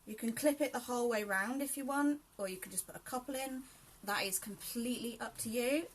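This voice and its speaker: A woman's voice: on the high side, fairly quick, slight background noise. A woman from southern England with an accent mixing southern English and South Yorkshire, hosting a live sew-along tutorial and chatting to viewers by name. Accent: southern English mixed with South Yorkshire. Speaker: sewing host.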